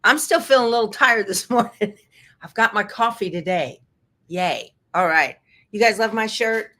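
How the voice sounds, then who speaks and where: A woman's voice: mid-range voice, moderate pace, sharp tone. Chatty upbeat woman hosting a sewing stream. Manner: chatty, upbeat, laughs often. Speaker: host of a sewing livestream. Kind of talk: casual live-stream chat. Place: home sewing room.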